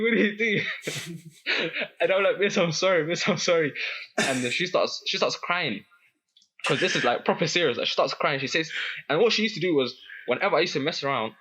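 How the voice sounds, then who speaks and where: A young man telling a school story in casual chat, animated, with lots of restarts and laughter. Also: fairly high pitch, slightly rough. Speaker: guest.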